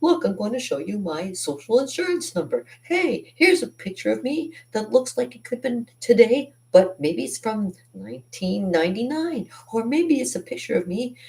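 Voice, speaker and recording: A woman's voice: a little high, very animated, normal speed, vocal fry, hardly any pauses, a little mellow, pitched above the performer's own voice. A woman in her fifties acting out a pushy male online romance scammer who insists he is genuine, in an eager, emphatic, wheedling way. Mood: insistent.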